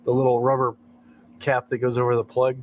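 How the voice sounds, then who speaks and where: A man's voice: medium pitch, completely flat delivery, a little fast, phone-quality sound, a little hiss or hum. An American man hosting a late-night livestream, chatting in a rambling way and chuckling often between thoughts. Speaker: livestream host. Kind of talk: casual chat.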